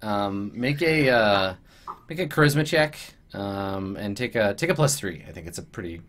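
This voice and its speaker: A man running a tabletop game as game master, narrating in a relaxed, chatty way. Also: fairly low pitch, moderate pace, a little hiss or hum. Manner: relaxed, chatty and laughing, with many "um"s.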